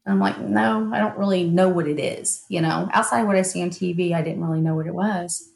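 A woman's voice: lowish voice, a little fast, vocal fry, a little mellow. Candid woman in a roomy echo. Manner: frank and emphatic, with bursts of laughter. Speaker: guest, hypnotherapist and mindset coach. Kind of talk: candid personal storytelling in an interview.

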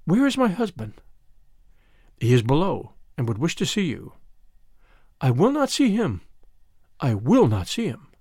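A man's voice: a little high, huge pitch swings, measured pace, long pauses, a little mellow, slightly rough, no room sound, studio quality, full character voice. A man voicing a frightened young wife lying in a fever, crying out in a raised voice. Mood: distressed. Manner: breathless, repetitive cries.

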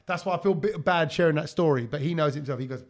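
A man's voice: fairly high pitch, quick pace. A man hosting a podcast, chatting casually, telling stories and teasing his friends. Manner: storytelling, teasing, explains at length. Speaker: podcast host. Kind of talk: casual chat.

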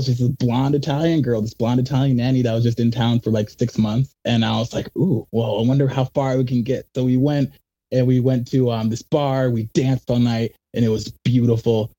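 Young man, husky voice, dark tone, rambling animated storytelling, casual interview guest. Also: mid-range voice, moderate pace. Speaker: magician guest.

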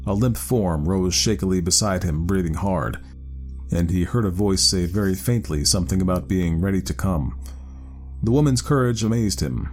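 A man with a very deep voice tells a ghost story in a measured, dramatic way. His reading is steady and deliberate. Quiet music runs faintly underneath. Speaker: narrator.

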